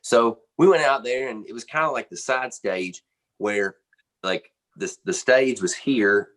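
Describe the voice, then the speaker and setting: A man's voice: mid-range voice, measured pace, fairly bright tone. A man from the United States, a drummer being interviewed, telling a casual, rambling story full of fillers and restarts. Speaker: guest musician, drummer.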